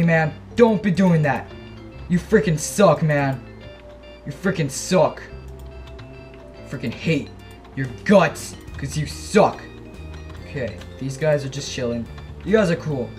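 A young man giving casual, excitable commentary over his own gameplay, gasping and yelping when startled. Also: a little high, normal speed, soft background music. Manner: jumpy, excitable, yelps and gasps when startled. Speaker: gaming channel host.

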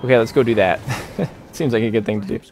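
A man's voice: on the low side, fast, a little mellow, soft background music. A young man giving casual, joking commentary as he plays a video game, rambling and talking back to the characters on screen. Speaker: let's play host.

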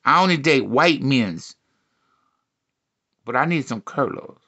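A man voicing a pushy, excited woman from a dating site, in a brash high falsetto. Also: slow pace, muffled recording, full character voice. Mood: wheedling.

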